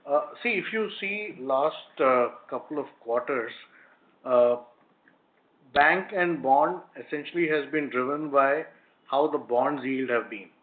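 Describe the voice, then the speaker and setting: A man, a company executive, explaining answers to analysts on an earnings call, with many pauses and fillers. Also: medium pitch. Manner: hesitant, frequent fillers, explanatory. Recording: phone-line conference call audio.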